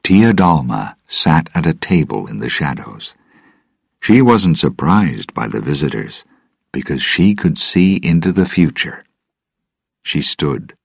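A man reads a story aloud in a measured, even way. His voice is extremely deep, slow and husky. The sound is close and dry, with no room around it. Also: no room sound. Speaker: narrator. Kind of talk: storybook reading.

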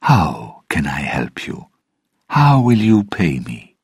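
A man voicing a mysterious, amused female seer in a storybook reading, speaking slowly in a soft, whispery way. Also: extremely low pitch, wildly swooping pitch, vocal fry, slightly rough, dry recording, clean studio sound, heavily acted. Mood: knowing.

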